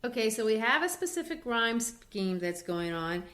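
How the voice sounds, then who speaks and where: A woman explains poetry on a literature podcast in a relaxed, chatty way. She is lively, animated and laughs lightly now and then as she talks. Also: on the high side, moderate pace. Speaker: podcast co-host. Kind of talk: casual literature discussion.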